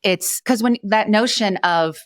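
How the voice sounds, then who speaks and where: A woman hosting a podcast interview, speaking in a gentle, thoughtful and encouraging way. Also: medium pitch, a little slow, no room sound. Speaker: podcast host. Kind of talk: conversational interview.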